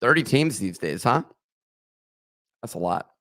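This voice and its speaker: A man's voice: medium pitch, sing-song, unhurried, pushed and bright, no room sound. Joking, rambling podcast host man. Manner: rambling, joking asides, slips of the tongue. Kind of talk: casual podcast chat with ad read.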